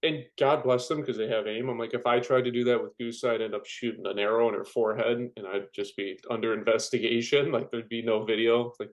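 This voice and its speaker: Heard on a rough recording, a young firefighter guesting on a podcast speaks fairly quickly with few pauses, his mid-range voice fairly even in intonation. He casually spins jokey stories, performing the quotes as he tells them.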